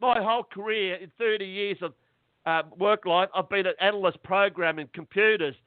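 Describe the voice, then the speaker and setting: A man's voice: high-pitched, no echo. Agitated man on a tinny phone line. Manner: agitated, halting, repeats words. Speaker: interview guest. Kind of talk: phone interview.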